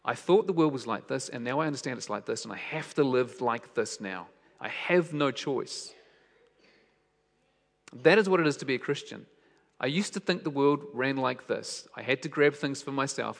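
A male preacher speaks at an ordinary pitch. He tells his stories by dropping to hushed lines and then rising into emphatic questions, and his voice rings out with a long hall reverb behind it. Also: normal speed, creaky. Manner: storytelling, shifts between soft hushed lines and raised emphatic questions. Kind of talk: sermon.

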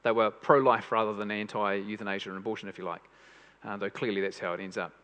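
This preacher's voice is lowish and a bit bright, with a steady tone and a fast pace. He preaches earnestly, repeating phrases for emphasis, captured with long hall reverb.

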